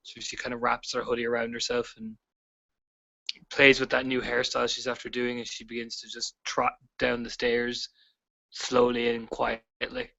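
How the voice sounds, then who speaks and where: A man describes his character's moves in a tabletop role-play game, hedging with fillers and soft laughs. His voice is bright and forceful, at an ordinary pitch. The recording sounds dull and lo-fi. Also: completely flat delivery, moderate pace, vocal fry. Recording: dull lo-fi audio.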